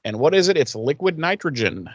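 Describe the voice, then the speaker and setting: A man co-hosting a podcast, casually recapping an episode with lots of swearing and quick acted-out quotes. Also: on the high side, no echo, lo-fi sound. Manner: profane, animated retelling with voiced quotes. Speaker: podcast co-host.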